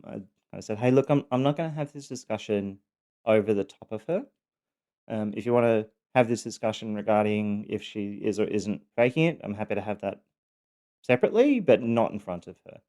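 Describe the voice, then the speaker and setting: A man's voice: fairly low pitch, mellow. A middle-aged man candidly telling his own story, frank, casually swearing, with wry laughter.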